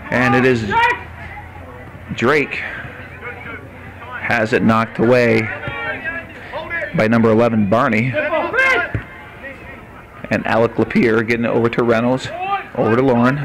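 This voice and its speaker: A man's voice: mid-range voice, little pitch movement, a little slow, pauses often, a crowd in the background. A man doing play-by-play commentary for a local game, chatty and joking with his co-announcer. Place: outdoor sports field. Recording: noisy outdoor field broadcast.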